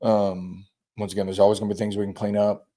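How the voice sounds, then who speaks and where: A man with a low, mellow voice talks casually as a high school football coach. He rambles through stories and acts out the quotes of players. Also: level tone, fast talker. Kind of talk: casual chat.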